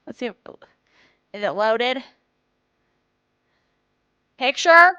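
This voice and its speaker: A woman's voice: a little high, expressive, very slow, pushed and bright, smooth, no room sound, highs cut off. A woman streamer chatting casually with her viewers, giggling often and getting flustered and apologetic. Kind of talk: casual live-stream chat.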